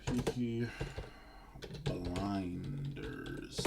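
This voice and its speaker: A man's voice: deep voice, wildly swooping pitch, drawn-out words, creaky, very noisy. A man giving sarcastic reaction commentary, rambling and swearing with mock-apologetic asides. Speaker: video commentator.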